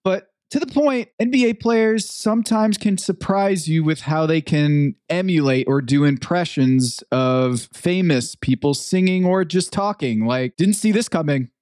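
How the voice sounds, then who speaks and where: A man's voice: fairly high pitch, unhurried, hardly any pauses, a little mellow, no echo, studio quality. Easygoing male sports podcast co-host. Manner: easygoing storyteller, leads topics. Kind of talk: casual sports chat.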